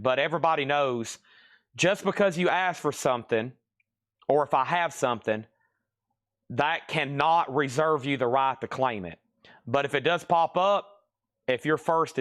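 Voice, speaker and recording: A man from the American South, his voice on the high side and a bit bright, hosts a live record sale stream. He chats in a rambling, easygoing way and laughs often.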